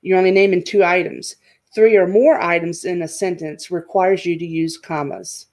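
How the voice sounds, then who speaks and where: A woman's voice: lowish voice, fairly even intonation, moderate pace, darkish tone. Woman, elementary teacher, board lesson, patient, repeats key points, checks in often.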